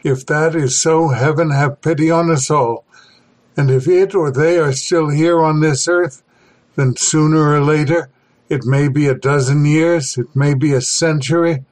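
A man reading a horror story aloud as a podcast host, in a measured, dramatic way. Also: a little high, fairly even intonation, darkish tone. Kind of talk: scripted horror story narration.

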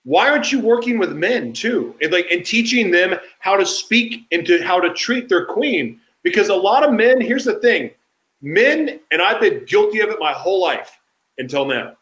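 A man's voice: high-pitched, lively intonation, normal speed, fairly bright tone. A man hosting a podcast interview, talking in an effusive, emphatic way. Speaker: podcast host. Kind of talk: conversational interview. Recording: echoey room.

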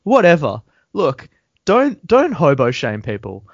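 A man's voice: a little high, wildly swooping pitch, a little slow, creaky, dry recording. A man co-hosting a podcast, recapping a show in casual chat with sarcastic, joking rants. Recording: dull lo-fi sound.

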